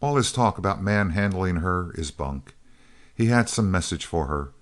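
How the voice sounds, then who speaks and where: A man's voice: sits low, expressive, moderate pace. A man reading the lines of an angry, suspicious male outlaw lieutenant with fierce, accusing speech.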